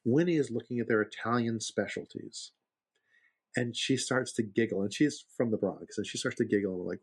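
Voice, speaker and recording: A man's voice: medium pitch, a little fast, slightly rough. A man co-hosting a podcast, telling stories in casual chat and laughing often. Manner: storyteller, animated, laughs a lot. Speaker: podcast co-host.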